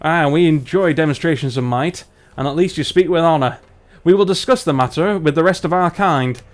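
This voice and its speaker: A man voicing a proud, gruff male dwarf leader from the frozen north, in a put-on northern British accent and a formal, stern manner. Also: a little high, fairly quick, close to an everyday voice.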